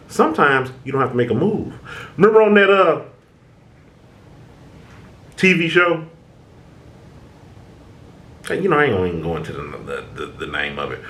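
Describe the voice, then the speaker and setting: A man's voice: mid-range voice, fairly bright tone. A man hosting a casual motivational talk, speaking to his viewers and acting out their inner thoughts, with frequent repeated words. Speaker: self-help video host. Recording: echoey room.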